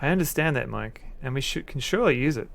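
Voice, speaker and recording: A man voicing an anxious, tearful young woman who is fed up with lying, reading game dialogue aloud in a high, strained, pleading voice. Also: expressive, fast, creaky, fairly bright tone, no room sound.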